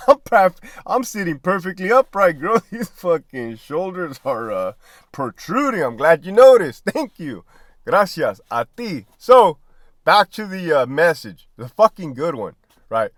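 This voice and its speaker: Animated, high-pitched swearing man. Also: measured pace, no echo, clean studio sound. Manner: animated, swearing, laughing often. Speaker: podcast host, former prison guard and army veteran. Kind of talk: casual profane monologue.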